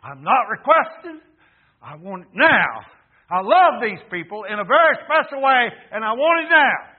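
A man's voice: very high-pitched, very animated, normal speed, pitched above the performer's own voice, exaggerated voice. A man in his seventies voicing a fervent grown man who gives commands as he quotes him in a sermon. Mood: insistent. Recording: tinny phone-like recording.

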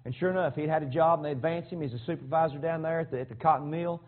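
A man's voice: on the high side, rapid-fire. A man preaching a sermon through a long story, fervent and folksy, often repeating words as he goes. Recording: tinny phone-like sound.

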